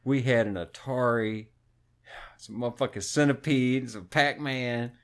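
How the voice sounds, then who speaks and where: A man telling a story on a podcast, animated and swearing constantly in casual chat. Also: mid-range voice, measured pace, clear, resonant tone. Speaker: podcast co-host.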